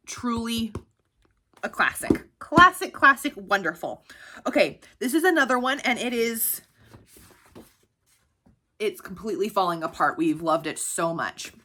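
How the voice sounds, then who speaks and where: With a fairly high, slightly bright voice, a woman in her thirties shares casual picture book recommendations. She's bubbly and laughs often between lines.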